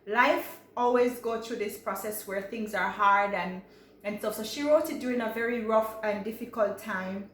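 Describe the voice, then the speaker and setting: A woman's voice: mid-range voice, normal speed, fairly bright tone. A young adult woman from Jamaica with a Jamaican accent, chatting casually and reflectively to camera, with many fillers and restarts. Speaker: vlogger. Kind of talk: casual personal talk to camera. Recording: echoey room with faint ambient noise.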